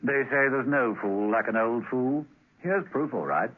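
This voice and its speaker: A man narrating a radio spy drama in wry, measured storytelling. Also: mid-range voice. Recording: tinny radio broadcast with music.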